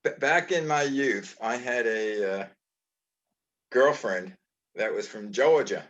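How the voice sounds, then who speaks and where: An older man from New York with a Brooklyn accent, hosting a casual chat and telling stories in a rambling, halting way with many restarts. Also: medium pitch, fairly bright tone, lo-fi sound. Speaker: host.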